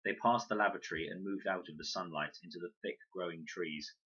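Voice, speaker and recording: Man reading a children's novel aloud; deep voice, bright edge, lively and expressive. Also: a little fast, husky. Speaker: storybook reader. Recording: dull lo-fi recording.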